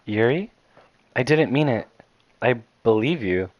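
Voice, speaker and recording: A man voicing a shy, anxious young female bookworm in a game, hushed and pleading with stammers. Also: mid-range voice, lively intonation, measured pace, no room sound, lo-fi sound, natural voice.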